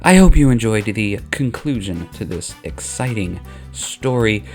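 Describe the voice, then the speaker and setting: A man's voice: fairly low pitch, expressive, a little slow, over loud music. A man hosting his own channel, narrating a comedic story in a casual, wry way.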